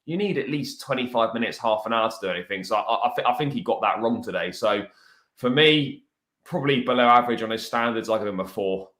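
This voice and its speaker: Brief: male guest, mid pitch, calm reasoned delivery, roomy echo on the call. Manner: measured, reasoned, hesitant restarts. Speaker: panel guest. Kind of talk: casual fan analysis.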